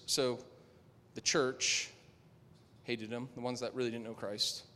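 A man preaching a sermon to a room, rising to loud emphatic lines and dropping to low, quiet asides. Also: level tone, slow. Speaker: pastor. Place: large room with a congregation. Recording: echoey hall with long reverb.

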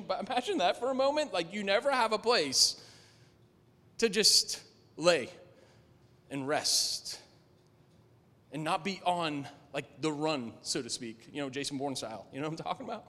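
A man preaching a sermon to a room, rising to loud emphatic lines and dropping to low, quiet asides. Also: lively intonation, moderate pace. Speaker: pastor. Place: large room with a congregation. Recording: echoey hall with long reverb.

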